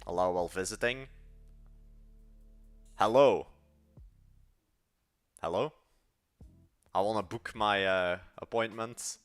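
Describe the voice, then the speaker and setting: A man's voice: lowish voice, slow, pauses often, clear, resonant tone, faint music behind. An eighteen-year-old man from Belgium with a Dutch accent, rambling casually to his live-stream chat while he codes. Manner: rambling, slangy, talks to chat and mutters while working. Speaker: live-streaming app developer.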